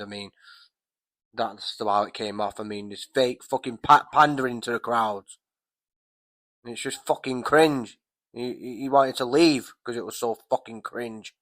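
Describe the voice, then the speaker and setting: A man's voice: medium pitch, steady tone, moderate pace, a bit bright, no room sound. A man with a mid-range voice rants through a wrestling recap, rambling and swearing at every turn. His voice sounds dry and close, with no room around it. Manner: profane, rambling, heated. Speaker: wrestling commentator vlogger. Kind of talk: casual ranting recap.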